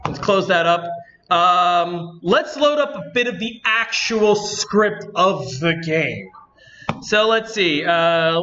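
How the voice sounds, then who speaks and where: A man's voice: sits high, sharp tone, dull audio, slight background noise. A man hosting a convention panel, chatting to the audience and thinking aloud as he works. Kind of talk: live demo to an audience.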